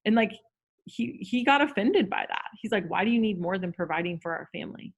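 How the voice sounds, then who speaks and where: A woman's voice: mid-range voice, lively intonation, a little fast, gravelly, husky, dull audio. A woman talking casually on a video call, full of "like" and "um" fillers. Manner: chatty, lots of "like" and "um" fillers. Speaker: guest. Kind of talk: casual Zoom chat.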